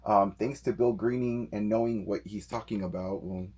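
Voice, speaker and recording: A middle-aged man co-hosting a live doll-collecting stream from his home office, reading viewer comments aloud with excited, animated greetings. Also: lowish voice, normal speed, background noise. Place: home office full of dolls.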